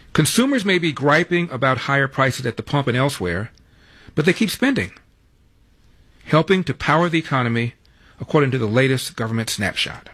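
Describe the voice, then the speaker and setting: A man's voice: a little high, a bit bright, breathy edge. Wry male talk radio host. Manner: wry, sarcastic asides between headlines. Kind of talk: talk radio news rundown and monologue. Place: radio studio.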